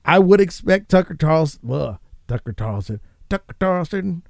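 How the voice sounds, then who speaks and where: A man hosting a casual show, ranting and swearing in a rambling, animated way. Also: on the high side, normal speed, gravelly, no echo, clean studio sound. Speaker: podcast host.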